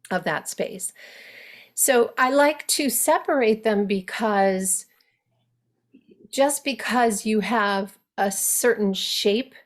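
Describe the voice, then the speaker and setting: A woman dialect coach teaching an acting workshop, explaining in a measured, explanatory way. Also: medium pitch. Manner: measured, explanatory, with brief demonstrations.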